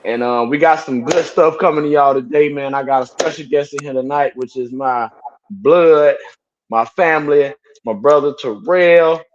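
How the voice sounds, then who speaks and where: A man's voice: on the high side, moderate pace, highs cut off, a little hiss or hum. A man hosting a casual live-stream talk show in a laid-back way, repeating his phrases. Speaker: podcast host.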